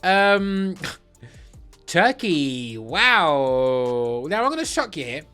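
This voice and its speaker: A man's voice: very animated, slow, fairly bright tone, soft background music. A man giving blunt, crude, sarcastic commentary while ranking football kits. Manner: blunt, crude and sarcastic, with big swings in pitch. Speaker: football kit reviewer. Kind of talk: comedic kit ranking commentary.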